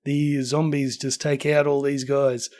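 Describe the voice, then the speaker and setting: A man's voice: mid-range voice, flat delivery, measured pace, darkish tone. A man hosting a casual game-building tour, tired and losing his voice, chatty and upbeat. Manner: chatty, upbeat, self-deprecating. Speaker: game building channel host. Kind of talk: casual gameplay tour commentary.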